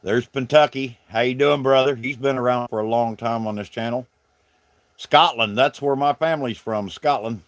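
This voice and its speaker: A middle-aged man with a Southern drawl, talking folksy and rambling to his livestream viewers. His voice sits at an ordinary pitch. It is recorded dry and close, with no room sound. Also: steady tone, fairly quick, few pauses, no room sound. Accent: Southern American. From South Carolina. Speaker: livestream host. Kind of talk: casual livestream chat greeting viewers.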